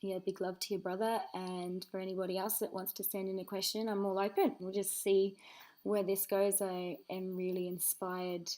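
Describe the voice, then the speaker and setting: A woman's voice: mid-range voice, level tone, normal speed, dark tone, poor audio. A woman answering a viewer's question about spiritual growth in a rambling, earnest way, with many fillers. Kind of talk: casual unscripted talk to camera.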